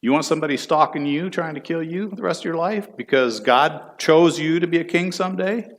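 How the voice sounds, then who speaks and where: A man's voice: on the high side, a little fast. Folksy man teaching a church class. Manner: folksy, chatty, asks the class questions. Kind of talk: casual Bible class teaching.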